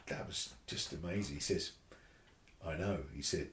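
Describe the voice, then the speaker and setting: A man, a bass player telling a story in a casual interview, animated and swearing freely, acting out the voices of others. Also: normal speed, a little hiss or hum. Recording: roomy echo.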